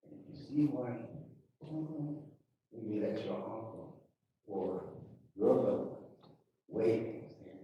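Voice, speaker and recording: A man telling a folktale and leading a libation ceremony at a live gathering, with call-and-response and folksy asides, speaking through a mic over loudspeakers. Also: fairly low pitch, measured pace, long pauses. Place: hall with loudspeakers. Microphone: handheld mic over a PA. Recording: echoey hall from far off, dull.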